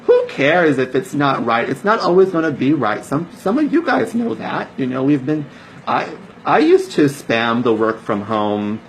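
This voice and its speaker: A man's voice: mid-range voice, very animated, measured pace, a little hiss or hum, rough recording. A man, a network marketer, giving a casual motivational talk to his team, emphatic and preachy, repeating phrases for stress.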